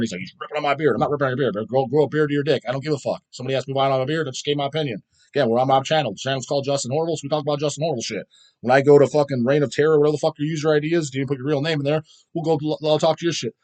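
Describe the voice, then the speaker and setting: Fast-talking profane man in his thirties. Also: medium pitch, darkish tone. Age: 30s. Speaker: channel host reading comments. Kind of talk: casual profane vlog rant.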